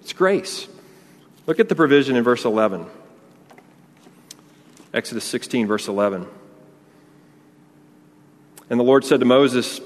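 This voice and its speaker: Male pastor, mid-pitched, chatty preaching style with restarts, heard in a big reverberant sanctuary. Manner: conversational preaching with repetitions and restarts. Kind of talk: sermon. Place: church sanctuary. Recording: long reverb of a large hall.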